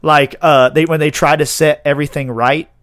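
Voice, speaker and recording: A man in his thirties, hosting a podcast, chatting excitedly and rambling with frequent laughter. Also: on the high side, moderate pace, no room sound, studio quality. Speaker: podcast host. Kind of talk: casual chat.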